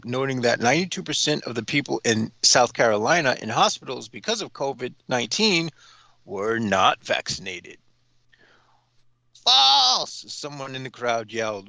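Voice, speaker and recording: A man reads news items aloud, stopping to add crude, sarcastic remarks. His voice is bright and tense, and he hesitates with frequent fillers. The sound is dry and close. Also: medium pitch, no room sound. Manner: profane, sarcastic asides. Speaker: talk show cohost. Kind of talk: reading news with commentary.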